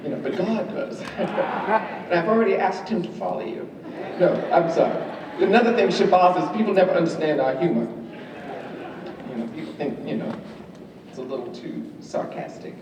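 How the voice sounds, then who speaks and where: A woman's voice: on the low side, moderate pace, pauses often. Wry woman speaker in an echoey hall. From New York. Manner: lively, wry, teasing the audience with questions. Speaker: guest speaker. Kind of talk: university lecture to students. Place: large lecture hall. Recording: echoey hall from far off, faint room noise.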